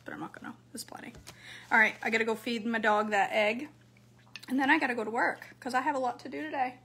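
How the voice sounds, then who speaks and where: A woman's voice: fairly high pitch, steady tone, fast talker, sharp tone, husky. A woman chatting to her viewers while cooking and eating, answering their comments. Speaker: cooking vlogger. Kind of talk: casual cooking vlog chat.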